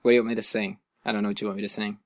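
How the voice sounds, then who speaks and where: Young male host, casual, self-deprecating, lowish voice, dry close recording. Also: flat delivery, very fast, dry recording. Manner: modest, laughs often, trails off quietly. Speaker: podcast host. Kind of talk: casual chat. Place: sitting on the floor of his room.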